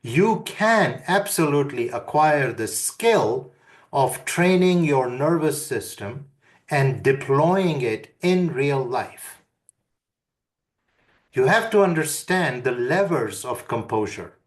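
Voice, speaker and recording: A man giving a webinar lesson, calmly guiding listeners through breathing and humming exercises. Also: mid-range voice. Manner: calm, deliberate instruction. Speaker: webinar speaker. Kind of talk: instructional webinar talk.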